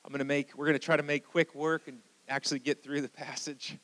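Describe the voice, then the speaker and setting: A man with an American accent, a pastor preaching a sermon in church and leading prayer, moving between hushed prayer and fervent calls to the congregation. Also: on the high side, level tone, brisk, long reverb tail, low-quality recording. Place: church sanctuary.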